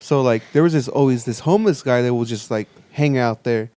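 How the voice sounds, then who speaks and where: A man's voice: mid-range voice, a little fast, warm tone. A man hosting a podcast, telling a rambling, profanity-filled story in a casual studio chat. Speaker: podcast host.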